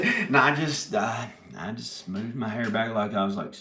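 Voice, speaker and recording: A man's voice: on the low side, normal speed, pushed and bright, a little hiss or hum. A man telling a rambling comic story, stopping and restarting his words and giggling often. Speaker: video maker telling a story. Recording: echoey room.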